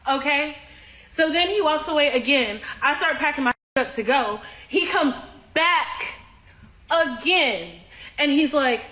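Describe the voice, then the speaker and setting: A woman's voice: high-pitched, a little slow, a bit bright. A homeless woman telling a profane, exasperated story outdoors. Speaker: homeless vlogger. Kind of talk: storytelling rant. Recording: traffic noise outdoors.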